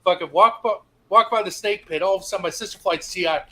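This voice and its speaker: A man co-hosting a casual stream, telling a profane basic training story and shouting out the instructors' lines. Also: high-pitched, quick pace, rough recording. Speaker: stream co-host.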